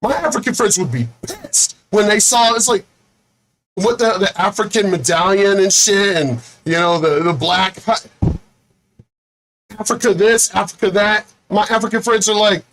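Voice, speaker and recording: A man's voice: sits high, moderate pace, a bit bright, a little hiss or hum, rough recording. A man hosting his own video, delivering an angry, profane rant with lots of repetition. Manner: says he is angry and fed up. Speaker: video host.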